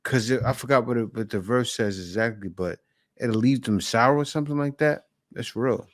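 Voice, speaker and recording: A man's voice: medium pitch, moderate pace. A man hosting a reaction video, giving blunt, preachy commentary. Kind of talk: casual commentary.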